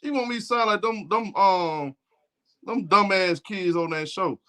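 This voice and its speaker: Southern man with an Alabama accent, high, bright voice, blunt, profane sports-stream host. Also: unhurried. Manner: blunt, profane trash talk. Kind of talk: casual live game commentary.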